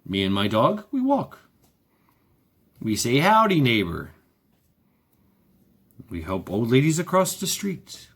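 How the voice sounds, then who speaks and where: Man ranting with lively swings. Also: medium pitch, a little slow, pauses often, husky. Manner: sarcastic, repetitive, swears freely; rhetorical questions. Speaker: vlogger. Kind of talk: ranting monologue.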